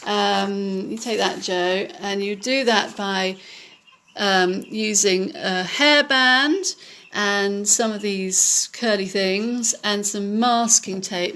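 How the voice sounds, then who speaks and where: Slow, hesitant woman explaining at home. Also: mid-range voice, fairly bright tone. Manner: slow, hesitant, with many ums. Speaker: home demonstrator. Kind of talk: casual home tutorial.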